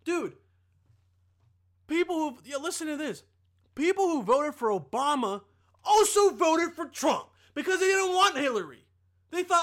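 A man's voice: very high voice, expressive, moderate pace, pauses often, fairly bright tone. A young man ranting in a casual monologue, profane and rambling, often sidetracked.

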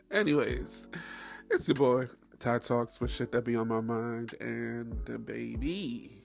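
Profane, animated man hosting a podcast. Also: medium pitch, takes it slowly, creaky, soft background music. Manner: animated, profane, laughing storyteller. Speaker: podcast host. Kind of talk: casual solo podcast monologue.

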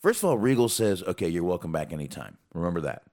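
A man with a very low voice talks in a casual, rambling way on a podcast. His pitch swings widely as he gets animated. He swears freely and fills gaps with ums. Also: quick pace. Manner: profane, animated, rambling with fillers. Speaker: podcast co-host. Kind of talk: casual wrestling recap chat.

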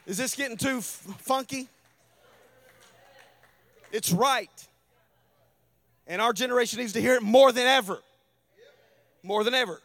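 Southern pastor guy preaching, pretty high voice, dry close sound, gets loud and fired up. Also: unhurried, long pauses, no room sound. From American South. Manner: preaching with rising fervor and shouted climaxes. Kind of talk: sermon. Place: church.

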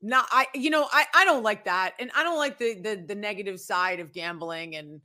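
A woman hosting a casual interview, speaking haltingly with frequent restarts. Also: medium pitch, bright, forceful tone. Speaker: host.

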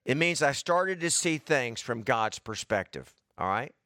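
A man's voice: mid-range voice, animated, a little slow, sharp tone, dry recording, studio quality. Earnest preacher man with a lilt. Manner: earnest, conversational, addresses congregation by name. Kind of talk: sermon.

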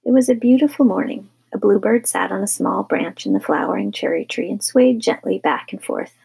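A woman narrating a children's audiobook in a gentle, measured way. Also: mid-range voice, sing-song, vocal fry, slightly rough, low-quality recording.

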